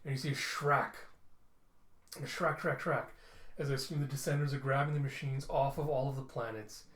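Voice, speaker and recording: A man's voice: mid-range voice, fairly even intonation, a little fast, fairly bright tone. A man casually narrating his way through a comic book as a reviewer. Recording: roomy echo.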